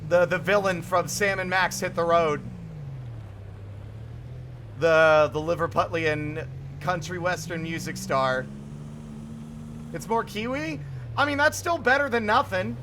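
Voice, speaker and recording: A man live-streaming a game, chatting casually in an excitable, joking way and swearing freely. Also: sits high, a little slow, long pauses. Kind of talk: casual live-stream chat while gaming. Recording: constant car engine noise from the game.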